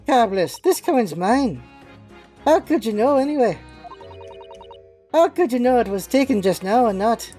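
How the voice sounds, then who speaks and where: A woman's voice: a little high, sing-song, a little slow, pauses often, warm tone, faint music behind, pitched above the performer's own voice. A woman voicing a cheeky young female street pickpocket, brash, defiant and mocking.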